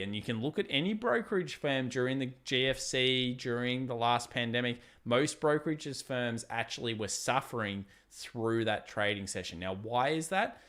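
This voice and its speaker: A man's voice: medium pitch, moderate pace, few pauses. A young man hosting a live stream, chatting casually about trading charts and reading out viewer messages. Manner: chatty, animated, reads viewer super chats aloud. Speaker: livestream trading host.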